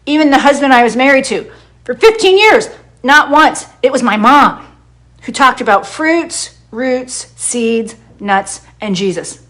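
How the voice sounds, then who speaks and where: A middle-aged hairdresser and wellness advocate delivers an impassioned monologue to camera, blunt and heavily profane, quoting herself in dialogue and repeating points for stress. Her high-pitched voice is fairly bright, with lively intonation and an unhurried pace.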